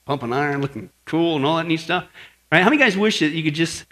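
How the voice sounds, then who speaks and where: Middle-aged man, pastor, sermon, high voice, bright, lively storytelling, keeps asking "right?". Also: fast. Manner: animated storytelling with acted shouts and asides. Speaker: pastor teaching apologetics.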